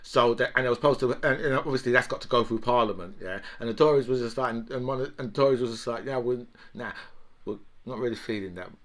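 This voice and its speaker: A man's voice: medium pitch, fast, hardly any pauses, a bit bright. A man giving a casual political rant, rambling, profane and full of "right?" and "you know".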